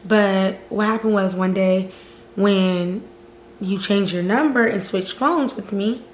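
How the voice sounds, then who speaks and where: A woman vlogger telling a storytime in casual chat, animated and profane, often calling out to her viewers. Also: mid-range voice, slow, a little hiss or hum. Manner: animated, profane, keeps addressing viewers as "y'all". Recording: roomy echo.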